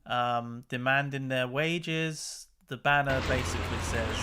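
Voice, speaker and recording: A man's voice: mid-range voice, a little slow, hardly any pauses, very noisy. A man hosting a channel, chatting casually and with exasperation as he comments on news clips. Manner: chatty and exasperated, laughs between remarks. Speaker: channel host.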